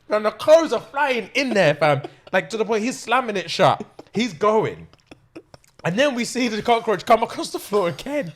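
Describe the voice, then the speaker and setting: A man, hosting a podcast and telling an animated story, laughing often and acting out what others said. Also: high-pitched, moderate pace. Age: 20s. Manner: excitable, laughing often, acts out quotes. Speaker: podcast host.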